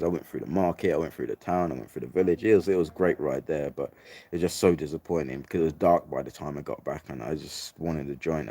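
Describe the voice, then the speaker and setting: Young man, very low voice, casual rambling storyteller, swears a lot. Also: darkish tone. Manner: sweary, rambling, repeats "like, literally" and "mate".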